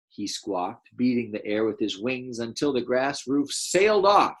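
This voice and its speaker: A man teaching a first-grade class, reading a picture book aloud and gently encouraging the children to read along. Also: mid-range voice, lively intonation, unhurried, hardly any pauses. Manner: gentle, encouraging, explains as he goes.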